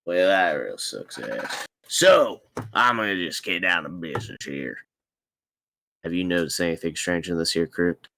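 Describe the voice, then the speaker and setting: A folksy adventurer with a thick Southern drawl, as a man puts him on, his voice low and swinging widely in pitch. He talks slow and sweet to the dead in a tabletop game, and the sound is bright and dry. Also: sing-song, gravelly, slight background noise, exaggerated voice. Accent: put-on American Southern.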